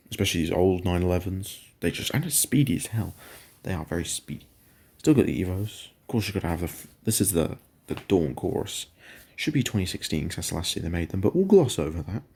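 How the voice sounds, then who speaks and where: Gravelly low-voiced man chatting about a game. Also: mellow. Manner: rambling, self-correcting, chatty. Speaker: gaming channel host. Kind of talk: casual game commentary.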